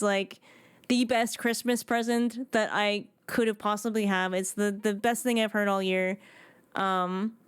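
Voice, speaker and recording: A woman in her thirties chatting casually with viewers on a live game stream, excitable and prone to restarting her sentences. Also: medium pitch, smooth, no echo.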